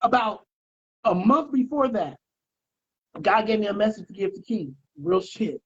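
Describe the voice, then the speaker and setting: Husky slang-heavy podcast storyteller. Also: male voice, high voice, a little slow. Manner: animated storyteller, acts out quotes, slangy. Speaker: podcast co-host. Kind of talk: casual storytelling chat. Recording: dull lo-fi podcast audio.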